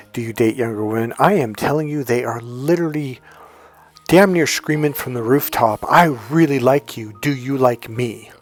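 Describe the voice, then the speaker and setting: A man in his fifties talks through dating advice in a loose, casual monologue, circling back and restarting his sentences as he goes. He voices both sides of remembered conversations. Faint music plays underneath. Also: medium pitch. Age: 50s. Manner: rambling storyteller with many restarts and quoted dialogue. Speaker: dating coach.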